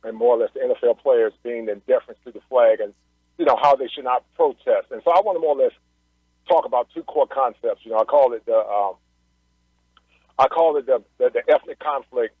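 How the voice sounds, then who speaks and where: A man calling in to a radio show, rushing through his words with a slightly husky voice. The call comes over a tinny phone line, and he leans on fillers as he lays out his thoughts. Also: medium pitch, no echo. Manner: rapid, earnest, with fillers. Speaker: caller.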